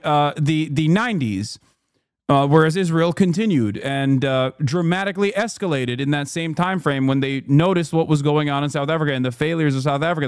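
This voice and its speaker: A male streamer with a slightly high voice talks quickly and profanely over the clips he plays. The sound is dry and close, with no room behind it. He moves between reading text aloud and blunt, animated commentary. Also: clean tone, no echo. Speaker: streamer reacting to news clips. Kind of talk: casual live-stream commentary.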